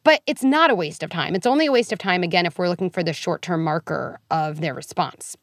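A woman speaking as a guest psychologist in a podcast interview, earnest and animated, peppering her points with "like" and "right?". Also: lowish voice, dry recording. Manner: animated, earnest, quick asides; frequent "like" and "right?" fillers.

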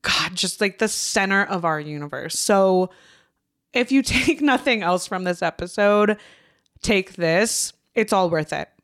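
Woman host, 30s, casual podcast chat, emotional and profane, clear polished tone. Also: medium pitch, unhurried, a bit bright. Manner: heartfelt, swears freely, near tears.

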